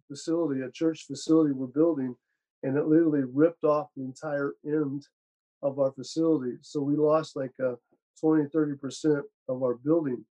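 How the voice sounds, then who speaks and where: Fervent pastor with a mellow, higher voice. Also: male voice, muffled recording. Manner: fervent, preacherly, quick bursts with repeated words. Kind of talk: casual conversation.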